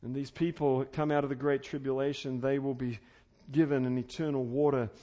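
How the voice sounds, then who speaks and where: A man preaching an expository sermon, earnest and conversational, swinging between loud fervent emphasis and quiet intimate tones. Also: mid-range voice, little pitch movement, brisk. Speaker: pastor.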